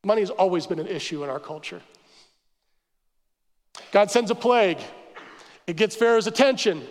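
A man preaching a sermon as pastor, telling the story with animated asides and acting out the crowd's complaints. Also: sits high, normal speed. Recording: church hall reverb.

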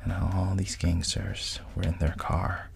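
A man's voice: deep voice, flat delivery, measured pace, gravelly, a little hiss or hum. A man casually retelling a film's plot, quoting the characters in his own voice and often sinking to a whisper. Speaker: storyteller retelling a film plot.

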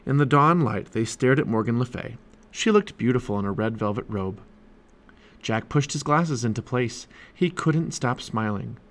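A man's voice: mid-range voice, moderate pace. A man narrating a children's chapter book aloud for his family. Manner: animated storytelling. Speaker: storybook reader.

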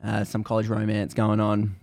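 A man hosting a podcast, casually retelling a book's story in animated bursts that build tension. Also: fairly low pitch, normal speed. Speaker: podcast host. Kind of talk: casual book recap chat.

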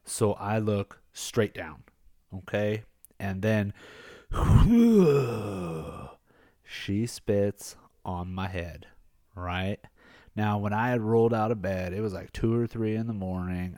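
A middle-aged man with a somewhat low voice spins a casual firefighter story. He rambles, packs in fillers and chuckles as he goes. The recording is dry and close, with no room sound. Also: darkish tone, no echo. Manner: rambling, filler-heavy, laughs at his own story. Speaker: podcast host, former firefighter.

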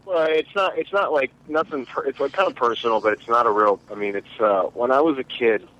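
A man with a Midwestern American accent, starting a childhood story in a halting, hesitant way. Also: medium pitch, a bit bright. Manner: halting, hesitant, full of restarts. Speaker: podcast co-host. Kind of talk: casual storytelling among friends. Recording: dull lo-fi sound.

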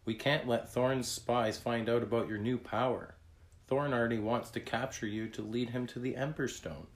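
A man's voice: medium pitch, fairly even intonation, normal speed, natural voice. A man doing a small, brave young bird. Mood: earnest.

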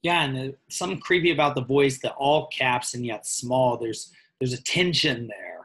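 A man talks through ideas in a relaxed podcast chat, voice sitting at an ordinary middle pitch. He is thoughtful and wanders from point to point, chuckling now and then. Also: moderate pace, poor audio. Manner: thoughtful, digressive, chuckles often. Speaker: podcast co-host. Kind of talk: casual book discussion.

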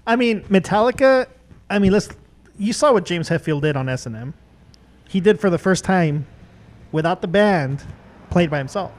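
A man's voice: high voice, lively intonation. A man co-hosting a podcast, chatting casually and joking around. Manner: jokey, quick to laugh. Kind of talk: casual chat.

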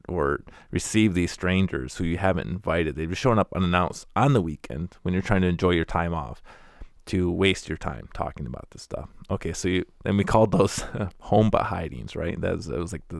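Man, very low pitch, gravelly fry, dry close sound, casual storytelling, wry. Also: dry recording. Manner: wry, candid, acts out quoted people. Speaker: former door-to-door preacher telling his story.

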